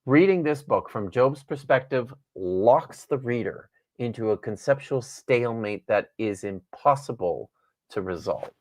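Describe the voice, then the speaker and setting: A man's voice: medium pitch, lively intonation, unhurried, a little mellow. Wry, thoughtful male scholar. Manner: thoughtful, wry, with frequent restarts. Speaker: guest author and Bible scholar. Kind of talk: podcast conversation, reading from his own book.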